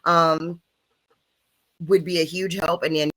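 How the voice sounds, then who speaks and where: A woman's voice: fairly low pitch, little pitch movement, slow pace, pushed and bright, low-quality recording. A woman co-hosting a sports podcast, talking candidly and emphatically with lots of "like" and "right?", cursing now and then. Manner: candid and emphatic, frequent "like" and "right?", swears casually. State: has the hiccups. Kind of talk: casual sports chat.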